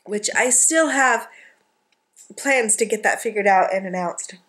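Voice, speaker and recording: A woman vlogger in her thirties or forties chatting casually from her couch at home, gushing and excitable as she shows off craft supplies, with lots of little asides. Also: mid-range voice, unhurried. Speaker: craft vlogger and art journaling teacher. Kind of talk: casual chatty haul vlog.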